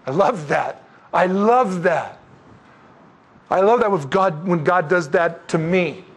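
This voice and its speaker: A man with a notably high voice teaches scripture at an evening Bible study. He is animated and chatty, tossing out rhetorical questions and joking asides as he works through the verses. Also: takes it slowly, husky.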